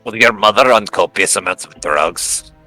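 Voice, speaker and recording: A man's voice: lowish voice, animated, normal speed, sharp tone, soft background music. Blunt, sarcastic man player. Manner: blunt, sarcastic, swears freely. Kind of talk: casual tabletop game chat.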